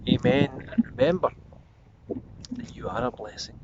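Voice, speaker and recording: A man preaching a short devotional sermon as a pastor, earnest and reflective, slowing and softening on repeated prayer refrains. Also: medium pitch, lively intonation. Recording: slightly dull lo-fi audio with faint noise.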